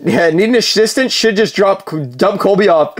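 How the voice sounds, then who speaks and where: A man hosts a live card-break stream, speaking at a moderate pace in a high-sitting voice with a little hiss or hum. He chats casually with viewers, uses lots of fillers, and calls out cards as he opens packs.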